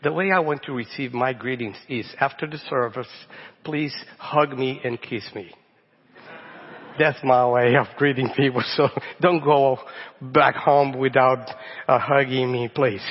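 A middle-aged Brazilian man preaches in English with a clear Brazilian Portuguese accent, warm and halting, often stumbling over his opening words. His voice is slightly husky, and the recording is dull and lo-fi, with a long church-hall echo trailing each phrase. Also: medium pitch, steady tone. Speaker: guest pastor. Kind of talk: sermon. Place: church sanctuary.

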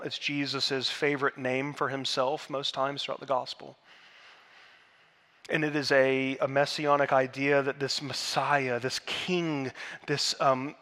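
A man preaching a sermon in a church, earnest, building to emphatic peaks and dropping to hushed tones. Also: a little high. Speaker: pastor. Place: church sanctuary.

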